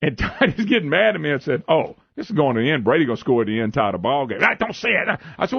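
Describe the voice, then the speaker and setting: Animated gravelly radio talk host man. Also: on the high side, fast, hardly any pauses, dry recording. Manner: animated storytelling, laughing, retelling his own quotes. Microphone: studio microphone. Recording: muffled radio broadcast audio.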